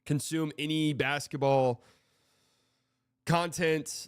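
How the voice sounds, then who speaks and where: A man's voice: mid-range voice, normal speed, fairly bright tone, clean tone, no room sound, studio quality. A man hosting a live stream, talking through sports news in a frank, rambling way, swearing often and restarting sentences. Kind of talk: casual live-stream commentary.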